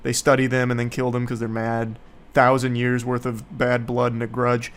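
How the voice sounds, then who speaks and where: A man's voice: medium pitch, monotone, normal speed. A man giving casual, rambling movie commentary, sarcastic, profane and mocking.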